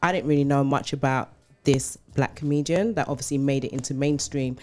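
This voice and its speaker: A woman with a London accent, chatting casually and telling an animated, slangy story as co-host. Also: very deep voice, brisk. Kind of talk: casual chat.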